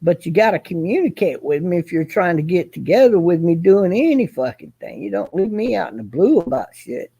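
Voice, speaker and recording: A man's voice: high-pitched, big pitch swings, a little fast, hardly any pauses, warm tone, slightly rough, no echo, lo-fi sound. A man hosting a casual chat, rambling and swearing, with many fillers and restarts. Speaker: host.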